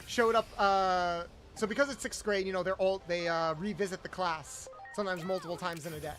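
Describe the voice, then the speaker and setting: A man's voice: high-pitched, fairly even intonation, brisk, a bit bright, faint music behind. A young man, a streamer host, chatting casually and acting out the people he quotes in his stories. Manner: rambling storyteller, acts out quotes. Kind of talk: casual chat while gaming.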